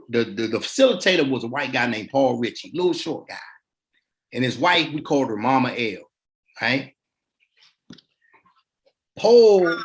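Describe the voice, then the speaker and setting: A middle-aged man tells his own story as a podcast guest, in loose, colloquial talk. His voice is pitched in the normal range for a man but swings widely up and down as he acts out each scene. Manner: colloquial, relaxed street talk. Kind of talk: casual personal storytelling.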